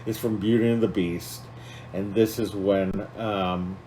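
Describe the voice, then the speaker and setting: A man's voice: lowish voice, fairly even intonation, a little slow, warm tone, slight background noise, low-quality recording. A man co-hosting a podcast, talking casually and with feeling, rambling with many fillers and restarts. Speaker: podcast co-host.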